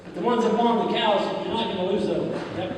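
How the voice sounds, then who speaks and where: In a large hall, a brisk, high-voiced man gives a plain-spoken, folksy conference talk and takes audience questions, with a crowd audible behind him. He's from the United States, speaks with a Midwestern accent, and tells stories using quoted back-and-forth. The room is roomy, and he sounds distant.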